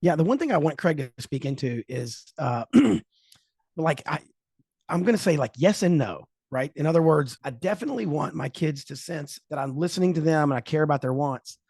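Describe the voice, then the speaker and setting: A man's voice: on the high side, expressive, fairly quick, creaky, darkish tone, breathy edge, no room sound, studio quality. A man hosting a podcast, asking probing questions and thinking aloud with fillers. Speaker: podcast host. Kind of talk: casual podcast interviewing.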